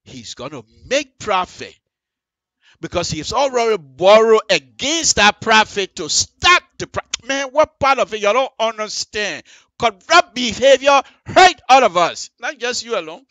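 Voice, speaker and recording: A man hosting a live radio call-in show, talking high and bright with emphatic, animated delivery. He repeats phrases and speaks straight to his listeners. The sound is dry and close-miked. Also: a little slow, no echo. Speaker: radio talk show host. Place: radio studio.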